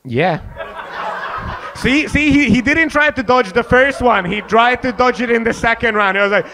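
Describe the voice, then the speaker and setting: A man's voice: high voice, expressive, normal speed, vocal fry, a bit bright, slight background noise. A young man doing stand-up crowd work, riffing with the audience and acting out mocking voices in a comedy club. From Hungary and South Africa.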